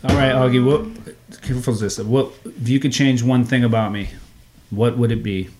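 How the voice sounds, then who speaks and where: A man's voice: mid-range voice, steady tone, moderate pace, darkish tone, slight background noise. A man in his thirties hosting a casual family podcast from a home sunroom, playful and teasing with his kids. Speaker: podcast host and father.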